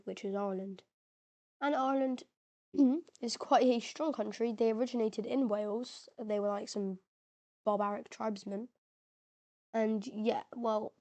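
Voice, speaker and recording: A woman talks through a map game as casual commentary, chatty and informal, full of fillers and slang. Her voice is soft and mellow rather than bright. Now and then it cracks a little. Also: fairly high pitch. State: occasional voice cracks. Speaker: mapping video narrator.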